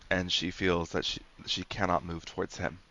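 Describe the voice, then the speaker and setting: A man narrating a tabletop game as game master, giving calm, measured rulings. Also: deep voice, highs cut off, slight background noise.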